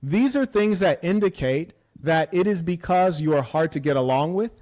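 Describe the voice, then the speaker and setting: A man hosting a confrontational call-in show, speaking in a measured way and talking over callers with repeated commands. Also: fairly high pitch, expressive, a little mellow. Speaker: host.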